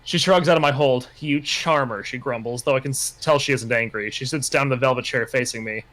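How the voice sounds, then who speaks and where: A man's voice: medium pitch, quick pace, fairly bright tone. A man hosting a livestream, reading a bad novel aloud and breaking off into laughing, mocking asides. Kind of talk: casual livestream reading and chat.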